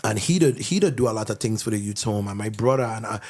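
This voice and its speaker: A man's voice: on the low side, quick pace. A man from the Virgin Islands with a Virgin Islands accent, a songwriter chatting as a podcast guest and acting out other people's voices as he tells stories. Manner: animated storytelling, acts out voices of others. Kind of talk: casual chat.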